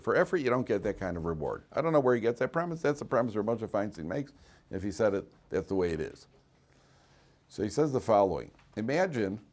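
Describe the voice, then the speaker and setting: In a classroom Torah lesson, a rabbi whose male voice runs on the low side animatedly performs the voices of the story's characters. He also breaks off now and then to talk straight to his students.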